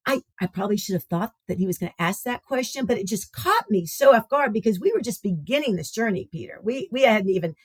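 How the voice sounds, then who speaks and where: A woman's voice: mid-range voice, expressive, fast talker, hardly any pauses, slightly rough, dry recording. A woman telling a heartfelt personal story as a radio guest, speaking tenderly and repeating phrases for emphasis.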